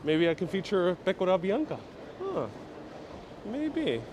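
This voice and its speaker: Here the New York walking-tour host's voice sits high and swings widely in pitch, though he never hurries. The background is noisy as he strolls outdoors live, chatting with viewers and reading and answering what they comment.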